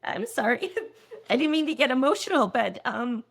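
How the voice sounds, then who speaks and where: A woman's voice: sits high, lively intonation, normal speed, gravelly. A woman hosting an interview podcast, listening and responding in short affirmations. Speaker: podcast host. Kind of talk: interview conversation.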